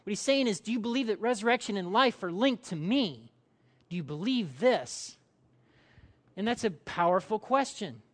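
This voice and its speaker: A male pastor delivering a sermon in an animated way, acting out quotes and quizzing his congregation. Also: high voice, brisk, few pauses.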